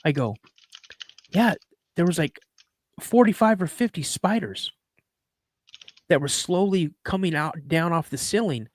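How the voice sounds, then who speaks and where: A middle-aged man hosts a podcast in a fairly high, animated voice at a measured pace with long pauses and no echo. He chats casually, rambling and joking, restarting sentences as he reads a listener's story aloud.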